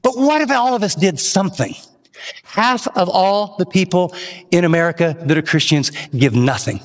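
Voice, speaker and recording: A pastor giving an earnest, emphatic sermon with rising questions. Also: male voice, high-pitched, expressive, moderate pace, big-room sound.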